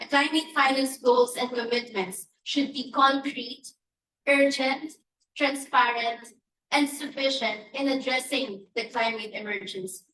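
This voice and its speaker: A woman's voice: high-pitched, bright, forceful tone, a little hiss or hum. A woman from the Philippines reading an emphatic prepared statement at a press briefing, speaking as a church advocate. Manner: emphatic, deliberate, listing demands. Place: conference press room. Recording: echoey room, from a distance.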